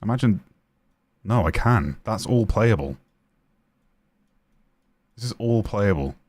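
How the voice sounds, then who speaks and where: A man's voice: on the low side, animated, slow, darkish tone, husky, no room sound. A man live-streaming a video game, joking and talking back to the characters. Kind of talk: casual live-stream commentary.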